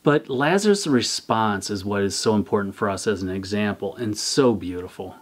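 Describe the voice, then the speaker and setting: A man who is a church's communications director, reading a scripted devotional in a measured, earnest way. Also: fairly low pitch, expressive.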